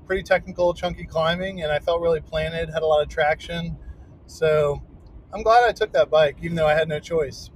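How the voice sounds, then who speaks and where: A man's voice: a little high, slight background noise. A middle-aged man hosting a podcast in loose, rambling casual chat with lots of fillers. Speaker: podcast host.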